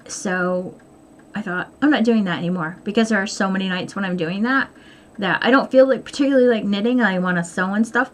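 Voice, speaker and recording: A woman's voice: mid-range voice, slight background noise. Candid rambling woman vlogging. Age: middle-aged. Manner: candid, rambling, self-deprecating. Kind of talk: casual chat. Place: home sewing room.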